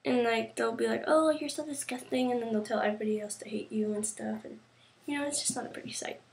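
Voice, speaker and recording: Rambling teen girl vlogger, creaky voice. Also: on the high side, fairly even intonation, darkish tone. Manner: rambling, halting, many fillers and restarts. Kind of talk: casual talk to camera.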